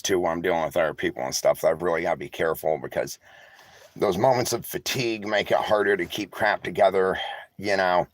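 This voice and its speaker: A low-voiced man speaks with no echo, tired and emotional, chatting candidly and rambling to his viewers from inside a vehicle. This vlogger is sarcastic and swears freely as he talks casually and reads the live chat.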